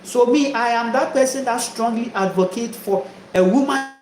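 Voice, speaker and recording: A man's voice: very high voice, moderate pace, roomy sound, slight background noise, poor audio. A man from Ghana preaching a spiritual monologue, emphatic and repetitive, full of rhetorical questions. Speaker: spiritual teacher.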